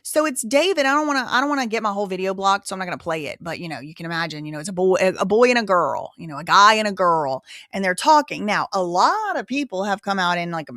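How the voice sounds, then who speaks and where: A woman's voice: mid-range voice, expressive, fast talker, hardly any pauses, pushed and bright, no echo. Chatty woman hosting a live show, dry sound. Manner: rambling, repeats herself, quotes others. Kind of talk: casual commentary.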